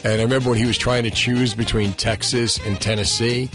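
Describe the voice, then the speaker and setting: A man hosting a radio talk show from New Jersey, bantering in a jokey, animated way with his co-host. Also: medium pitch, a little fast, music in the background. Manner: jokey, animated, frequent laughs. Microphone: studio microphone.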